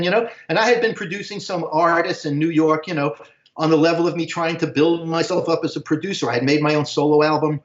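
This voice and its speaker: A man's voice: a little high, fast. Rambling older man, echoey lo-fi audio. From United States. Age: 60s. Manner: rambling, slangy, keeps saying "man". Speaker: interview guest. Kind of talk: casual storytelling.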